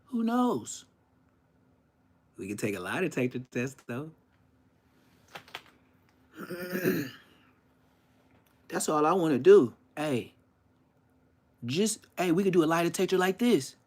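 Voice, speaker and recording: Loud, animated ranting man. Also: a little high, slow pace, pauses often. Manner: loud, animated, rambling, profane. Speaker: podcast host. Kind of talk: casual ranting podcast monologue.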